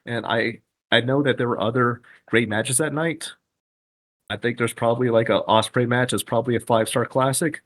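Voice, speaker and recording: A man who is a podcast guest, talking casually at an average pitch. He recounts events with excitement and swears often. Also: normal speed. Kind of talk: casual chat.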